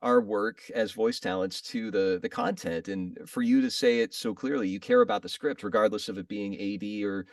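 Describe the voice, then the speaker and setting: Gravelly-voiced man interviewer. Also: fairly low pitch, normal speed, hardly any pauses, dry recording, studio quality, far from the mic. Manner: meandering, self-correcting, laughs often. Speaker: podcast interviewer. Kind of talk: casual interview questions.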